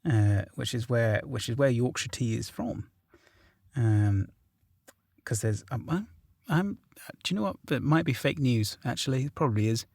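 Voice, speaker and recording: A man's voice: medium pitch, lively intonation, moderate pace, creaky, darkish tone, no echo, clean studio sound. A man with a southern English accent, a guest in a casual podcast chat, talking hesitantly with many ums and restarts. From south of England.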